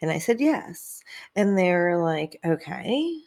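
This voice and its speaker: Unhurried young woman telling candid stories. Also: on the low side, very animated, vocal fry, a little mellow. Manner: candid, swearing, laughing, acts out quoted dialogue. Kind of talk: casual chat.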